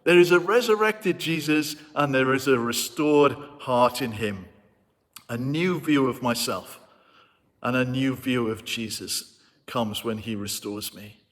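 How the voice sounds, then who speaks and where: A man's voice: mid-range voice, a little slow. A man preaching a sermon as a vicar, retelling a story in an earnest, reflective way. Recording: long hall reverb.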